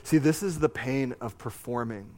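A man preaching a sermon, reading scripture and adding animated, conversational asides with a joking streak. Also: mid-range voice, normal speed, slight background noise. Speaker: pastor.

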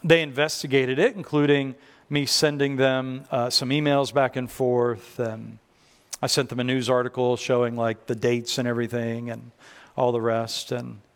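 A man's voice: mid-range voice, level tone, moderate pace, smooth. A man preaching a sermon as pastor, telling stories conversationally with self-deprecating humor, in a church. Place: church sanctuary. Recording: long reverb of a large church hall.

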